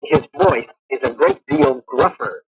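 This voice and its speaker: A man hosting a radio interview, talking eagerly and haltingly with many restarts, on an old radio broadcast. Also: mid-range voice, background noise. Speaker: radio show host. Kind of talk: casual interview.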